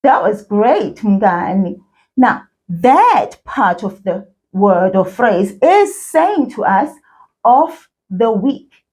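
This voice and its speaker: A woman teaching children a language lesson, speaking slowly and encouragingly and repeating words for learners to echo. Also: medium pitch, big pitch swings, a little mellow. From South Africa.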